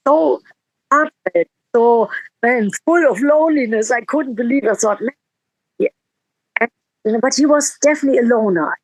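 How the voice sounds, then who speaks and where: A woman's voice: on the high side, moderate pace, long pauses, dry recording, poor audio. Dry-voiced woman telling an emotional story. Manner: emotional, rambling with restarts and quoted dialogue. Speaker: interviewed musician. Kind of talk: casual storytelling interview.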